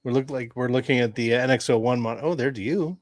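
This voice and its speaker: A man co-hosting a casual livestream chat, speaking hesitantly with halting fillers. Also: medium pitch, dry recording, clean studio sound. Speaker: co-host.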